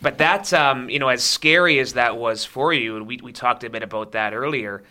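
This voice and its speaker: A man with a bright, forceful voice hosts a casual podcast. He introduces his guest and keeps the talk moving with friendly, easy questions. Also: medium pitch, normal speed. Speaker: podcast host.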